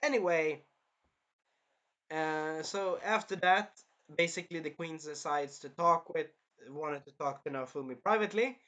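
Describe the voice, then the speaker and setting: A man's voice: a little high, unhurried, bright, forceful tone, muffled recording. A man giving a casual, rambling, jokey recap of an anime episode as a reviewer.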